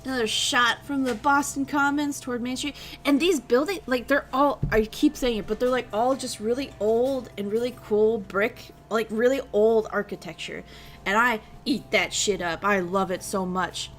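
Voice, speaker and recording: A woman's voice: a little high, steady tone, moderate pace, fairly bright tone, soft background music. Giggly, rambling woman streamer. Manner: rambling, giggly, swears casually. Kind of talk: casual chat.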